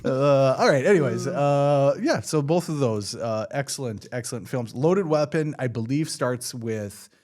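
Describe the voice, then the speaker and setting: A man's voice: medium pitch, expressive, measured pace, few pauses, a little mellow. A man hosting a casual podcast about movies, who laughs often and gets emphatic when he rants. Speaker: podcast host.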